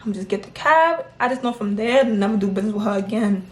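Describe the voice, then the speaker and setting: Animated woman telling a story, echoey room. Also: medium pitch, fast talker. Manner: animated, laughing, mimics others' replies. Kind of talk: casual storytime chat.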